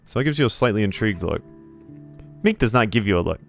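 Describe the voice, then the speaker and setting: A man's voice: lowish voice, animated, fast talker, vocal fry, faint music behind. A man hosting a let's play, reading game text aloud with sarcastic, joking asides. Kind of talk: playing a game and reading along.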